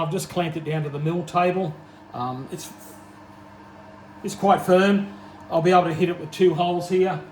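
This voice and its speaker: A man with an Australian accent, casually narrating his work in a home workshop with self-deprecating jokes. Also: on the high side. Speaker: home machinist. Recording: echoey workshop with loud machine noise.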